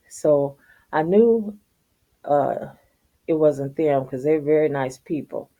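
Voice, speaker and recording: Middle-aged woman vlogger, low dark voice, profane and animated storytelling rant. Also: a little slow. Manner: profane, animated, laughs while telling.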